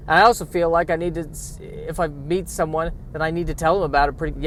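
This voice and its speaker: A man's voice: a little high, steady tone, brisk, fairly bright tone, a little hiss or hum. Man ranting comically from his car. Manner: self-deprecating, ranting comic asides. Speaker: podcast host. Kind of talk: solo comedic podcast monologue. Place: in a car, driving and parking.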